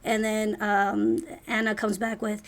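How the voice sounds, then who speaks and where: A woman narrating a tabletop role-play game as game master, rambling and halting. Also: mid-range voice, flat delivery. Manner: rambling, halting, many fillers.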